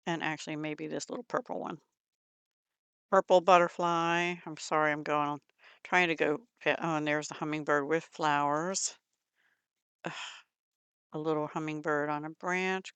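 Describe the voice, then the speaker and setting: A woman's voice: low voice, level tone, measured pace, pauses often, fairly bright tone, clear, resonant tone, dry recording. A middle-aged woman hosting a crafting channel, chatting casually in her craft room and gushing over supplies with murmured asides.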